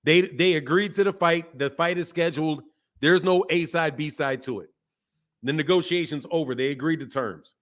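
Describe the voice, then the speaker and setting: Male boxing-channel host, high-pitched, animated and slangy, loops back over his own phrases. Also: normal speed. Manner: animated, repeats himself, laughs, slangy. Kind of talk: casual boxing talk.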